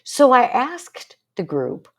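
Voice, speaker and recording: A woman's voice: high-pitched, huge pitch swings, slow. An older woman talking to camera as a psychologist, earnest and storytelling, with plenty of rhetorical questions. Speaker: psychologist and support group host. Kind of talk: casual talk to camera.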